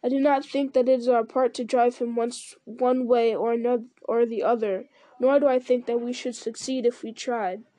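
A woman voicing a solemn, measured ranger leader in a read-aloud story. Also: on the high side, steady tone, mellow, lightly acted. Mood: grave. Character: grave noble male ranger leader.

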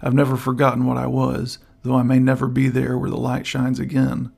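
A man reading the part of a gruff, gloomy old outlaw who offers hushed help. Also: medium pitch, monotone, fairly quick. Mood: low urgent. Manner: rough, hushed, conspiratorial. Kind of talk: audiobook character voice.

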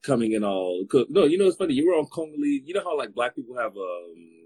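A man's voice: medium pitch, very animated, fast talker, dark tone, husky, poor audio. A man hosting a live stream in casual chat, playful and teasing, rambling with fillers.

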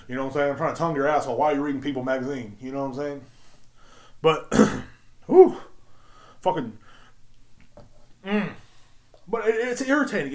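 A man hosting a solo podcast, ranting in a heated, rambling and profane way. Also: mid-range voice. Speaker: podcast host.

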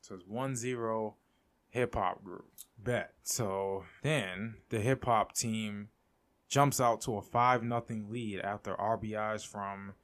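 A young man hosting a casual solo podcast, excitable and rambling, laughing often and restarting his sentences. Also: lowish voice, takes it slowly. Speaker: podcast host.

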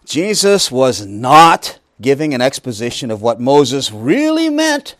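A man's voice: medium pitch, lively intonation, a little slow, fairly bright tone, no echo, studio quality. A man preaching a Bible lesson, emphatic, asking rhetorical questions and making joking asides. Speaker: pastor teaching a Bible study. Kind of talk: sermon.

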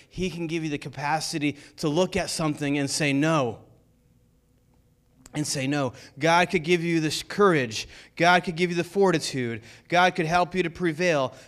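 High-voiced man preaching a sermon. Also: a bit bright. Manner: preaching with rising intensity, rhetorical questions. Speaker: pastor. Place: church.

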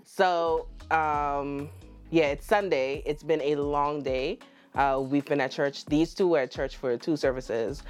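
Low-voiced Bahamian woman hosting a podcast. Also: slow pace, soft background music. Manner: teasing, playful, animated. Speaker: podcast host. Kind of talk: casual podcast chat.

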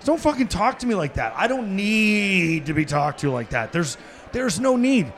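A middle-aged man from Canada, a podcast guest telling stories and acting out quotes, laughing and shouting at the punchlines. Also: sits high, big pitch swings, normal speed, a little hiss or hum. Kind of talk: animated storytelling. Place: sports bar, live taping.

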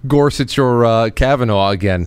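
A man hosting a talk show in casual chat, often halting and restarting his sentences. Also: medium pitch, clean tone, no room sound. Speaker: podcast host.

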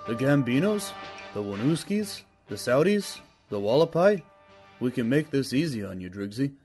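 An actor playing a gruff, middle-aged police sergeant in a comedy sketch ad, drawling tough-cop talk. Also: male voice, medium pitch, very animated, normal speed, a little mellow, soft background music, close to an everyday voice.

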